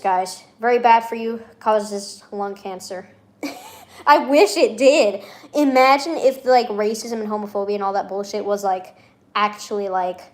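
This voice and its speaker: A young woman venting in a casual vlog, rambling and sarcastic, laughing often between her remarks. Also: fairly high pitch. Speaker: vlogger.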